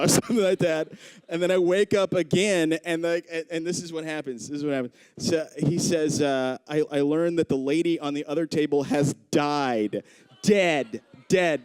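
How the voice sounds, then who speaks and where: A man in his thirties doing live stand-up storytelling on a club stage into a handheld mic, acting out the people he quotes with big jumps in pitch. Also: normal speed, darkish tone, clean tone, no echo. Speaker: stand-up comedian.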